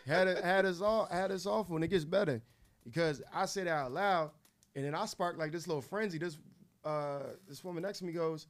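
A man co-hosting a morning radio show, telling a story in a casual, animated way and acting out the voices of the people in it. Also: a little high, a little fast.

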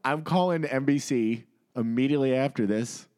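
A man's voice: mid-range voice, normal speed, a little mellow, clean tone. A man, co-hosting a casual podcast and ranting indignantly with lots of swearing. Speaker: podcast co-host. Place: home podcast studio.

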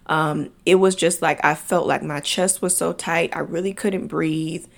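Gravelly-voiced young woman telling a personal story. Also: low-pitched, steady tone, unhurried. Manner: emotional, chatty, addresses listeners as y'all. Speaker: podcast host.

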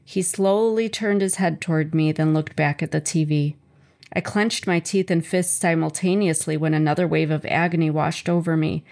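With a steady, darkish tone and a voice that sits a little low, a woman reads a chapter of her memoir. The delivery is measured, earnest and personal, told in the first person.

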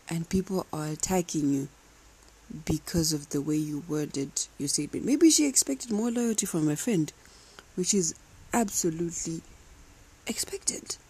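A woman's voice: on the low side, dark tone, slightly rough, low-quality recording. A young woman hosting a podcast, ranting in a casual, emphatic way and swearing freely. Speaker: podcast host. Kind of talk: casual rant.

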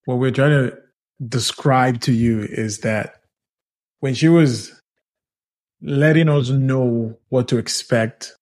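A man co-hosting a podcast in casual chat, telling stories in a teasing, animated way. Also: mid-range voice, slow, long pauses. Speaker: podcast co-host.

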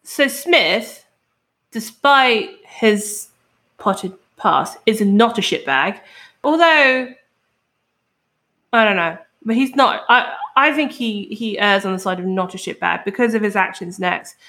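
A woman hosts a true crime podcast, telling the story in a casual, animated way and swearing now and then. Her voice is mid-range and her pace is slow.

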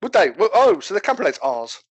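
A young British man in casual podcast banter, delivering dark jokes with deadpan mock outrage. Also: high voice, fairly quick, husky, dry recording. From Britain.

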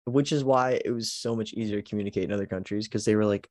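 A man's voice: lowish voice, steady tone, fast, hardly any pauses, darkish tone, no echo, studio quality. A man co-hosting a podcast in casual chat, laughing often and leaning on "like". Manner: laughs often, heavy use of "like". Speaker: podcast co-host.

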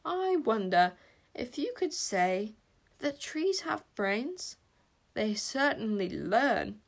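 A woman voicing a gentle giant who muses slowly and softly. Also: fairly high pitch, creaky, heavily acted. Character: slow, wondering gentle giant man.

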